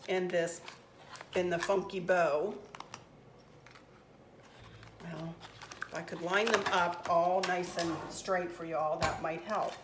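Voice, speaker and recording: A middle-aged woman, hosting a craft tutorial in a chatty, rambling, upbeat way from a room at home. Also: on the low side. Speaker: craft channel host. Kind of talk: casual craft tutorial chat. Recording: roomy with faint background noise.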